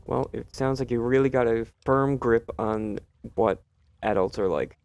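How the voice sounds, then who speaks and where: A man's voice: mid-range voice, unhurried, darkish tone, no room sound. A man commentating his own gameplay, joking and sarcastic, talking back to game characters. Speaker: let's play host.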